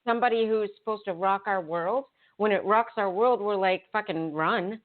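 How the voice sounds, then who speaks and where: A woman's voice: medium pitch, moderate pace. Blunt, cussing woman on a phone line. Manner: blunt, swears freely, affectionate. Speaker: spirit translator relaying a deceased son. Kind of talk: call-in radio channeling chat. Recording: phone-like narrow band.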